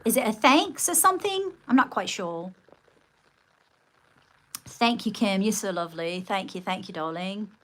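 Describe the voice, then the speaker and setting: A woman's voice: mid-range voice, expressive, moderate pace, long pauses, fairly bright tone. A woman hosting a casual livestream, chatting with viewers and thanking them, often calling them darling. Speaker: livestream host.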